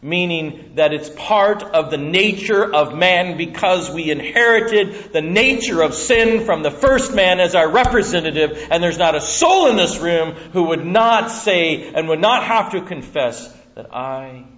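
A male preacher delivers a dramatic sermon in a church room. He swings from loud to hushed, in a high voice. The sound is dull and slightly lo-fi. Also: expressive, a little slow, few pauses.

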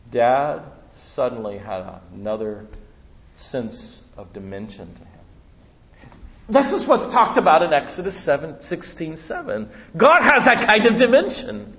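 A man preaching a sermon, telling stories and acting out the voices of the people in them. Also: a little high. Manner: animated storytelling, acting out voices of people in the story. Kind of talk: sermon with personal anecdote. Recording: dull lo-fi sound with long hall reverb.

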